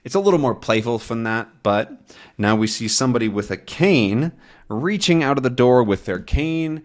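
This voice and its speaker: A man teaching English by explaining a comic, talking slowly and clearly and often checking with "right?". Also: mid-range voice, lively intonation.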